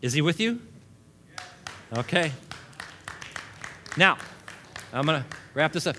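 A man's voice: a little high, expressive, slow pace, bright, forceful tone, a little hiss or hum. A male pastor preaching a sermon to a congregation, building long repeated lists and chuckling often between points.

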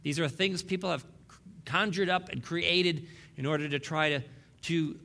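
A man's voice: on the high side, normal speed, vocal fry, pushed and bright. A man preaching a sermon as pastor, emphatic and fond of repeating key lines, with wry asides to the congregation.

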